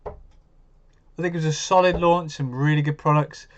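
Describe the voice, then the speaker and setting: A man's voice: fairly high pitch, steady tone, normal speed, lo-fi sound. A man hosting a live stream, chatting casually and answering viewers' comments as he goes.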